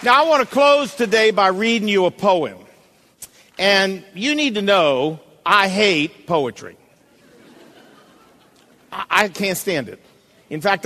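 A man's voice: high-pitched, pushed and bright, big-room sound. A male pastor preaching a sermon, emphatic and calling out to the congregation, at times reading a poem aloud with drama.

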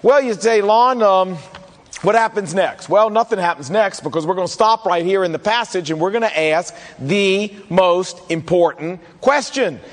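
High-voiced preacher in a reverberant hall. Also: male voice, normal speed, few pauses. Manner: conversational preaching, acts out listeners' questions. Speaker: pastor. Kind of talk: sermon.

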